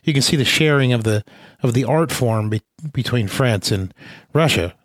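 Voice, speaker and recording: A hoarse man hosts a casual chat. He spins stories with lots of restarts. His pitch swings widely, and the sound is dry and close. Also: expressive, normal speed, no room sound. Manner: storytelling, restarts often. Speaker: podcast host.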